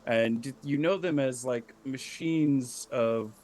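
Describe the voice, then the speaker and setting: Slow, unhurried male game master. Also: mid-range voice, a little mellow, slight background noise. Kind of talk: narrating a tabletop game.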